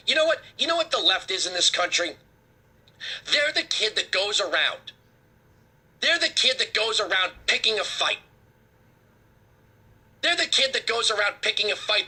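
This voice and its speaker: Male talk host, high and sharp-toned, husky, ranting with sarcasm. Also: animated, normal speed, pauses often. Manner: heated, sarcastic, emphatic. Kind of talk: political commentary rant.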